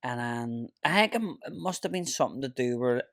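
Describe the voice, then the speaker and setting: Recorded dry in a clean studio, this Irish podcast host has a medium-pitched, slightly bright voice and speaks animatedly and a bit quickly. He tells stories in a casual chat, swearing freely and laughing often.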